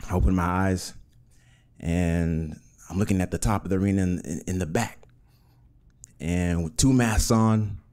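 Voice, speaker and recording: A man with a low, mellow voice tells a true personal story on stage. He speaks in an earnest, measured way, setting each moment down in present tense. The voice stays deep and warm throughout. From Uganda.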